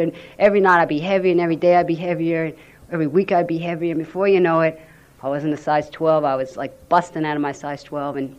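Speaking fast in a deep voice, a woman recounts her recovery story at a meeting, animatedly acting out what others said; the audio is lo-fi.

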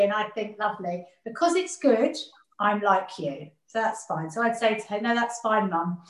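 A woman's voice: mid-range voice, expressive, normal speed. A woman speaking earnestly as an interview guest, reflecting on her family and often repeating words as she gathers her thoughts. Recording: roomy echo.

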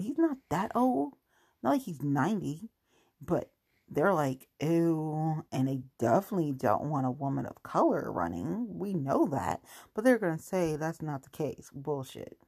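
A woman's voice: sits low, a little mellow, husky. A woman ranting about politics in casual talk, angry and sarcastic, swearing often.

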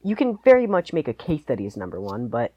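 A man's voice: mid-range voice, huge pitch swings, fairly quick, dry recording, dull audio. A man co-hosting a podcast, chatting casually about sports and hedging his picks with lots of "like"s. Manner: rambling, hedging, many "like"s. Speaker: podcast co-host.

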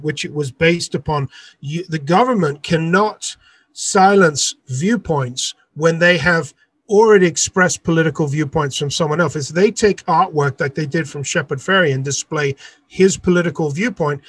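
A man's voice: a little high, husky, no echo. A man, an artist and author, recounting a dispute in an interview with indignant emphasis. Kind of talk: storytelling in an interview.

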